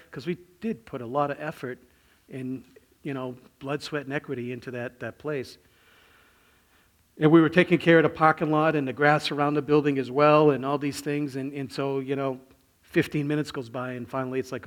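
A middle-aged man preaching a sermon, telling a personal story and swinging between hushed, near-whispered lines and sudden loud bursts. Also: fairly high pitch, a little fast. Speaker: pastor.

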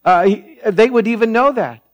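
Male pastor in the pulpit; earnest, emphatic, repetitive delivery with loud and hushed swings, voice a touch high. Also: moderate pace. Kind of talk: sermon.

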